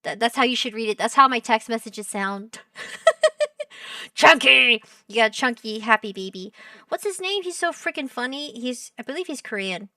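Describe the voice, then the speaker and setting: Bright, high-voiced young woman streamer. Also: animated, fairly quick, no echo, studio quality, far from the mic. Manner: playful, giggly, gushing, teasing chat. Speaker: VTuber streamer. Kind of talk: casual live-stream chat reacting to a show.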